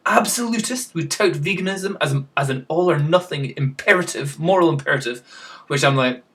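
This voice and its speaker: A man's voice: a little high, moderate pace, a bit bright. Rambling, self-mocking man vlogging. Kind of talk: casual chat to camera.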